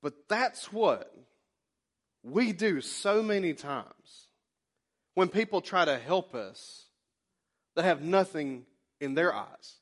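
A man's voice: fairly high pitch, animated, slow pace, long pauses. A male pastor preaching in a casual, conversational way, telling a personal story and drawing the congregation into back-and-forth. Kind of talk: sermon. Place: church sanctuary.

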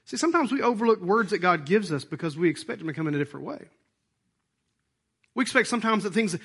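A man preaching a sermon in church, animated and hoarse, with a worn-out voice. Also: high voice, quick pace, long pauses. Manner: animated, acts out voices and asides. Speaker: pastor.

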